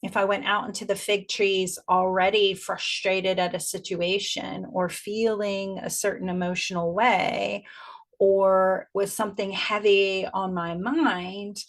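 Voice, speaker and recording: A middle-aged woman leads a spiritual teaching with a voice of ordinary pitch for a woman. She speaks gently and reflectively, and slows down to lean on the phrases she wants to land. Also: flat delivery.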